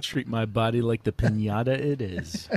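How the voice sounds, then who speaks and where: A man trading crude wisecracks on a casual podcast. His voice is mid-pitched and sounds even. Clear background noise and clicks run under his voice. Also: moderate pace. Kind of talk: casual chat.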